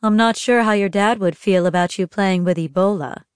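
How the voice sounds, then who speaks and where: A woman's voice: medium pitch, normal speed, smooth, no echo, clean studio sound, close to an everyday voice. A woman reading an audiobook, voicing an anxious mother who speaks in a coaxing, falsely cheerful way. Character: anxious, bright-toned mother on the run. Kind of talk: audiobook narration.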